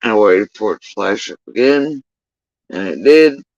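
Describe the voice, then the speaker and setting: A man's voice: on the low side, animated, measured pace, dry recording, dull audio. A man in a casual livestream monologue, telling a story in a heated, profane, emphatic way. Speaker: livestream host.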